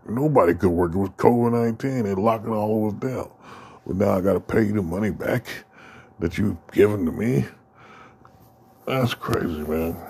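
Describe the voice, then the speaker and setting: A man's voice: sits low, creaky, dark tone, slightly rough. A man hosting a podcast, ranting casually and profanely in a rambling way. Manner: profane, rambling, acts out quoted exchanges. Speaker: podcast host.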